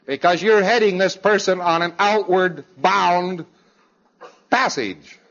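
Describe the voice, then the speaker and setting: A man's voice: high voice, slow pace, a bit bright, lo-fi sound. A man giving an emphatic lecture to a congress audience, with wry, sarcastic asides.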